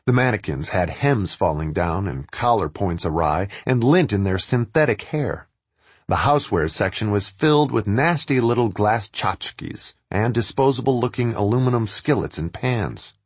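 Wry husky male narrator. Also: on the low side, lively intonation, moderate pace, dry recording. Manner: wry, sardonic. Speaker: writer reading his own travel piece. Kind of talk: first-person narration read aloud.

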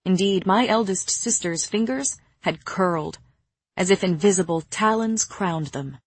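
A woman narrating an audiobook in a measured, even storytelling manner. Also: medium pitch, husky, no echo.

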